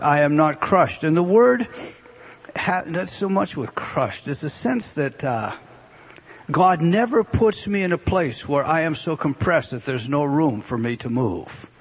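A man with a fairly high, slightly rough voice preaches a sermon, explaining what words mean. He alternates between emphatic, raised passages and hushed, drawn-out repetitions.

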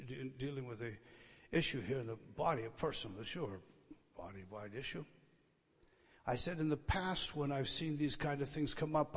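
A man preaching an expository sermon, repeating key phrases with emphasis and swinging between loud declarations and hushed, quiet lines. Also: medium pitch, big-room sound. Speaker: pastor.

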